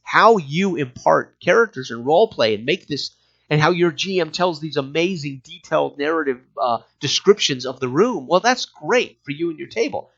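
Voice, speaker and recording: A man hosting a casual talk about game design, animated and profane, acting out scenes from the gaming table in quick asides. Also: on the high side, gravelly. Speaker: game designer and podcast host. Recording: dull lo-fi recording.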